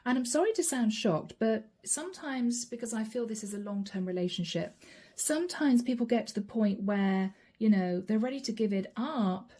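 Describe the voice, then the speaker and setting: A woman's voice: medium pitch, moderate pace, mellow. A woman doing a channeled tarot reading, chatting directly to her viewers as she reads the cards aloud. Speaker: tarot card reader.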